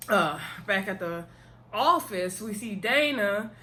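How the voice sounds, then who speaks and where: A woman giving a casual, animated recap of a TV episode, full of slang and playful asides. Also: mid-range voice, takes it slowly, slight background noise. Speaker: TV episode reviewer.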